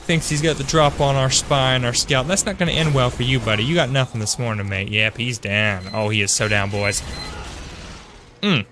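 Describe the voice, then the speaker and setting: Speaking at a normal speed in a mid-range voice, a young man chats upbeat with his stream audience while playing a shooter, naming viewers as he greets them, self-correcting mid-sentence and trailing off with fillers. Background noise is audible.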